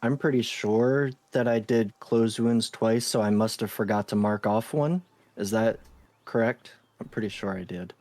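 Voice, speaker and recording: A man's voice: on the low side, moderate pace, a little mellow, dry recording. A man playing in a tabletop game, casually explaining his character's actions and double-checking details. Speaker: player.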